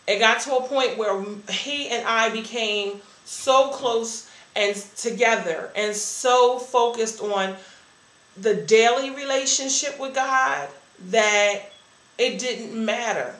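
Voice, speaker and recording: A woman's voice: on the high side, slow pace, a bit bright. Earnest woman in an echoey room. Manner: candid and earnest. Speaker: church member sharing a testimony. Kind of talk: personal testimony.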